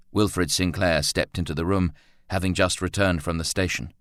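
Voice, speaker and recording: Deep-voiced man narrating a story. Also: steady tone, normal speed, few pauses, smooth, no echo, studio quality. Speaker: audiobook narrator. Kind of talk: scripted narration.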